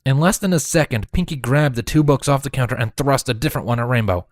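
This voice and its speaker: A man narrating a fan fiction audiobook in a steady storytelling manner. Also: medium pitch, quick pace, no room sound, studio quality.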